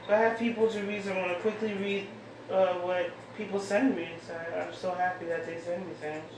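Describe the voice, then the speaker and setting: A woman with a fairly low voice and steady tone talks briskly as she hosts her own show, rambling and thinking aloud while reading out mail she's received. The casual solo chat is recorded far from the mic in an echoey room, with faint hiss.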